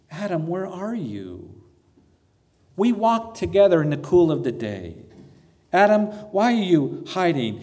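A man's voice: a little high, mellow, long reverb tail. A man preaching a sermon as pastor, earnest and asking the congregation rhetorical questions.

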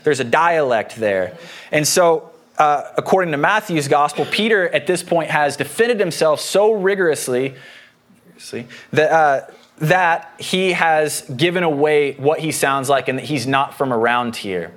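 A man's voice: on the high side, unhurried, a bit bright. A man preaching a sermon as pastor in a conversational way, explaining a passage with homely personal anecdotes.

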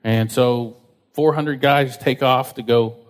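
A man preaching a sermon in a casual, conversational way, acting out quotes with lively voices. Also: mid-range voice, takes it slowly. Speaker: pastor. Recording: reverberant hall.

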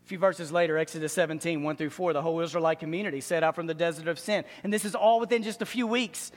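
A man with a high voice preaches a sermon in a large church hall, and his words ring out with a long reverb. He talks with animation, drops in joking asides and acts out other people's voices as he teaches. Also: fast. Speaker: pastor.

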